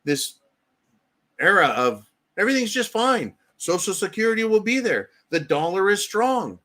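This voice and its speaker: An American man hosts a live talk stream, with a voice pitched a little above the usual male range. He talks bluntly, swears freely and keeps checking in with "right?". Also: sing-song, normal speed, fairly bright tone. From United States. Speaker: livestream host. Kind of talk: casual political commentary.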